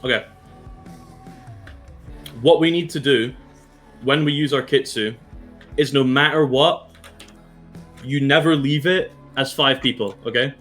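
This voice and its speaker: A man's voice: mid-range voice, unhurried, long pauses, a bit bright, soft background music. A man coaching his esports team through a match review, direct and blunt, swearing freely and checking in with his players often. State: has the hiccups.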